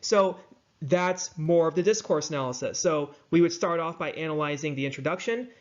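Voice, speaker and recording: A man's voice: on the high side, expressive, moderate pace, lo-fi sound. A man lecturing in a conversational way, often checking in with his students as he breaks things down. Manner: conversational, checks in with "right?" and "okay?". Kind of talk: university lecture.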